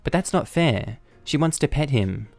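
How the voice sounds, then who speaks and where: A man reads out a pushy, indignant mother in a storybook-style retelling. She is demanding and huffy. Her voice sits only a touch above his usual tone, with soft music faintly underneath. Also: medium pitch, lively intonation, moderate pace, creaky, no echo.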